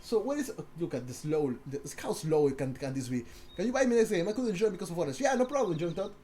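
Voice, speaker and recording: A man streaming and commentating a strategy match live, with a lively, swinging voice. He talks straight to his chat, stumbles through restarts and repeats himself, and stays excitable. Faint noise sits under the voice. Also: high voice, fast talker. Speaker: streamer casting a strategy game.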